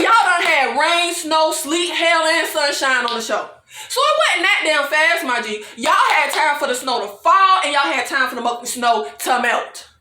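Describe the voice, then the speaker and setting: Woman, exasperated TV recap vlogger, swings all over her range, sharp bright tone. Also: high voice, echoey room. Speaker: TV review vlogger. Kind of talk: animated casual recap rant.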